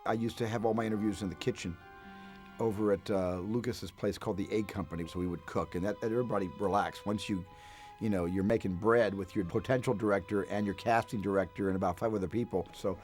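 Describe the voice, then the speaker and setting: A film director telling relaxed behind-the-scenes anecdotes in an interview. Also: male voice, on the low side, quick pace, soft background music. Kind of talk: reminiscing interview.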